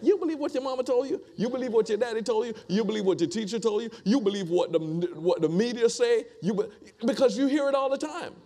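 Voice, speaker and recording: Man, preacher, high-pitched voice, conversational sermon, repetitive, rhetorical questions. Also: quick pace, hardly any pauses, dark tone.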